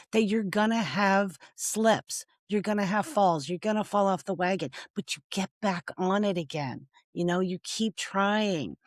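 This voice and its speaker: A woman's voice: medium pitch, dry recording, clean studio sound. A woman founder speaking as an interview guest, earnest and emotional, often laughing and adding "okay?". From United States.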